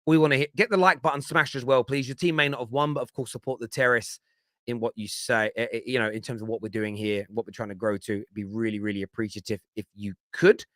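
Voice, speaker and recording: A man's voice: medium pitch, fairly even intonation, fast, a bit bright, no echo, studio quality. Emphatic male fan-show host. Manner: emphatic, repeats phrases for effect. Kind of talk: live fan reaction show.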